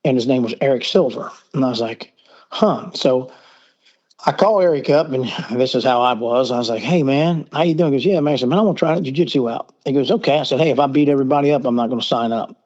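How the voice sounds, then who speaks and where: A man's voice: medium pitch, brisk, darkish tone, highs cut off. A middle-aged man with a Southern US accent, a podcast guest telling stories at length and acting out the dialogue. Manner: rambling, acts out quoted dialogue. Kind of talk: casual storytelling. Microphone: remote call.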